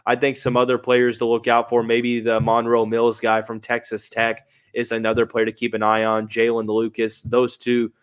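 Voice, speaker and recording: A man's voice: medium pitch, monotone, normal speed, hardly any pauses, clean tone. A man hosting a live sports podcast, giving analysis in a conversational way and thinking aloud with hedges. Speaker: podcast host.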